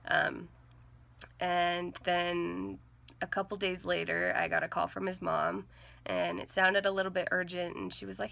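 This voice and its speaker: A young woman vlogger telling a personal story to the camera in an earnest, halting way, with many "like"s and "um"s. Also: lowish voice, steady tone, gravelly, sharp tone. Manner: earnest, halting, heavy with fillers like "like" and "um".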